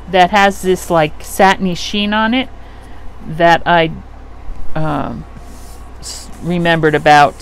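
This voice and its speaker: A middle-aged woman hosting a craft channel, chatting casually and rambling as she works at home, often trailing off mid-sentence. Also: low voice. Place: home craft room with an air conditioner running. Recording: faint air conditioner hum behind.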